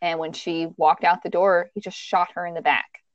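A woman's voice: fairly low pitch, level tone, moderate pace, lo-fi sound. A woman hosting a podcast, telling a true-crime story in a casual, conversational way with frequent restarts and fillers. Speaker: podcast host.

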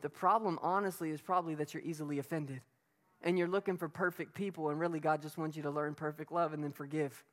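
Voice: mid-range voice, steady tone, quick pace. A preacher giving a sermon in an emphatic, conversational way, asking the listeners rhetorical questions. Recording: long reverb of a hall.

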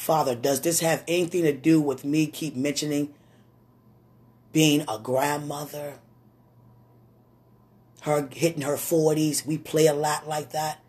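A preacher doing a soft, tender spiritual mother. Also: mid-range voice, fairly even intonation, measured pace, long pauses, lightly acted. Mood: tender, prayerful. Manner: tender, soft-spoken, praying. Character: gentle caring older spiritual mother, woman. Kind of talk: retelling a prayer conversation.

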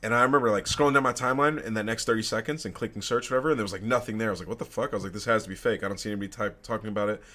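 Young male co-host, low voice, loose profane storyteller, casual podcast chat. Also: fairly even intonation, rapid-fire, few pauses, sharp tone.

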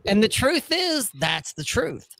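Slow, lively-pitched blunt storyteller man. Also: vocal fry, no room sound. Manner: blunt, profane storytelling with frequent "okay?" check-ins. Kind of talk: casual podcast chat.

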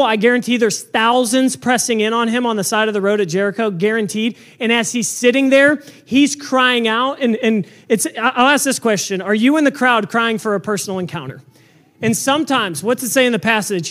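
A man preaching a sermon into a microphone, loud and earnest, often restarting his words. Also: high voice. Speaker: pastor.

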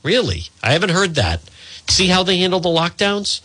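A man's voice: high-pitched, very animated, normal speed, pushed and bright, no echo. A man hosting talk radio, delivering a combative, exasperated monologue full of rhetorical questions into a studio microphone. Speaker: radio talk show host.

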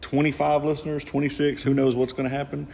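A man's voice: mid-range voice, flat delivery, fast talker, vocal fry, a little mellow. Male podcast host, fifties, rambling and jokey, reverberant room. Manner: jokey, rambling, many restarts. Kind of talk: casual podcast chat. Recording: roomy reverb.

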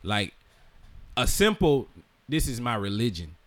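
A man's voice: mid-range voice, very animated, measured pace, fairly bright tone, no echo. A young man co-hosting a podcast in casual, profane chat, blunt and heated when he argues. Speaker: podcast co-host.

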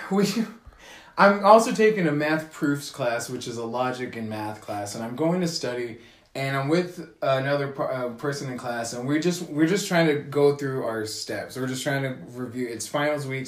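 A young man in his twenties co-hosting a casual podcast, telling a story with lots of swearing and acted-out quotes. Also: mid-range voice. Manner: profane, animated storytelling with mimicked quotes. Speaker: podcast co-host. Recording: echoey room.

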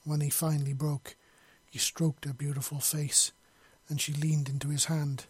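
Husky man reading a story aloud. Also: fairly high pitch, little pitch movement, normal speed, no echo. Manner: unpolished reading with slips and restarts. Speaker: story reader. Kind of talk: reading his own fiction aloud.

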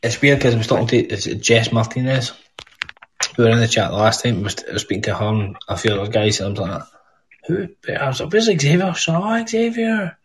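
A man's voice: on the low side, fairly even intonation, quick pace, noisy background. A Scottish man hosting a podcast call, teasing callers with constant swearing and mock-aggressive banter. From Scotland. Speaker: podcast host. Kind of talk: casual call-in chat.

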